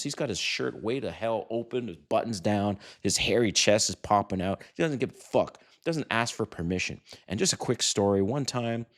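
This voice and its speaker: A middle-aged man giving dating advice to camera in a brash, profane, animated way, acting out quotes. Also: lowish voice. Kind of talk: casual to-camera talk. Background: sirens outside.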